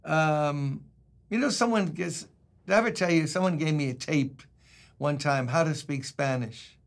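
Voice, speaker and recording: Older male pastor, gravelly and slightly high-pitched, loose anecdotal devotional delivery. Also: normal speed. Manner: folksy, anecdotal, reads scripture aloud. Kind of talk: conversational devotional sermon.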